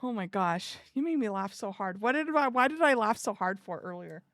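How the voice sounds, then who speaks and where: A woman live streamer chatting casually with her viewers in an animated, giggly way. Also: mid-range voice, a little fast, dry recording, clean studio sound.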